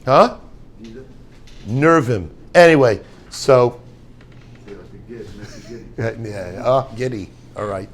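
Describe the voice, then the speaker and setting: A man's voice: mid-range voice, expressive, extremely slow, long pauses, slight background noise. A man, a rabbi heading a yeshiva, giving an informal talk with rambling jokes and Yiddish words.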